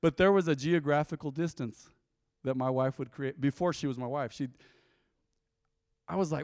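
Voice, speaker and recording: Male pastor, forties, high lively voice, storytelling sermon, dry close sound. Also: normal speed, pauses often, no room sound. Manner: lively storytelling, acting out dialogue.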